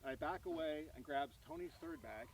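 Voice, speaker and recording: A man giving a tribute at an outdoor gathering, telling a lively anecdote and acting out the people in it. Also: a little high, a little fast, very noisy. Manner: animated anecdote, acting out voices. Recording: voice from far off the mic.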